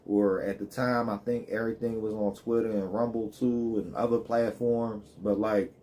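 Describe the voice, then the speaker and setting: A man's voice: mid-range voice, dark tone. A man live streaming, ranting in loose, joking street slang with plenty of swearing. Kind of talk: casual profane rant.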